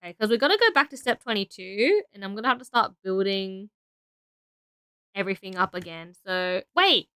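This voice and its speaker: A tired young Australian woman chats on a live stream, thinking out loud with lots of fillers. Her voice is bright, crisp and lively in pitch, recorded close and dry. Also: a little fast, dry recording. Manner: tired, rambling, thinking aloud with frequent fillers. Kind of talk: casual live-stream chat while building.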